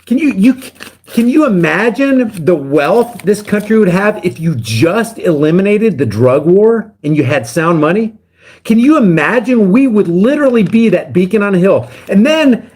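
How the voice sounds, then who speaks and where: A man talking casually on a livestream, rambling and getting heated. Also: high voice. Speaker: guest livestreamer.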